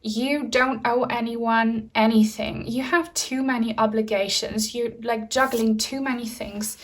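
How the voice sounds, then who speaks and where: A woman's voice: on the high side, steady tone, measured pace, recorded from a distance. A woman giving a tarot reading, offering earnest, direct advice with frequent fillers. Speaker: tarot reader.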